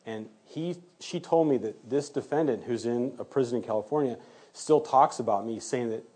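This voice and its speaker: Guy with a low mellow husky voice telling a story in an interview, acts out the quotes. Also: moderate pace. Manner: animated retelling, acting out quoted exchanges. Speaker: forensic DNA criminalist.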